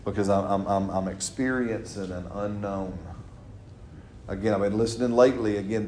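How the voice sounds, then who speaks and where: Low-voiced man preaching casually. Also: fairly even intonation, measured pace, mellow. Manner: chatty, laughing, keeps asking "right?". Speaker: pastor leading a Bible study. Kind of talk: informal teaching with congregation replies. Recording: roomy echo, faint background noise.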